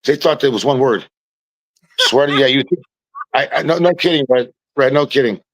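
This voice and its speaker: Animated man telling stories. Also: mid-range voice, normal speed, no echo, rough recording. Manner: animated, repeats and restarts words. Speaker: podcast guest. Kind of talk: casual storytelling chat.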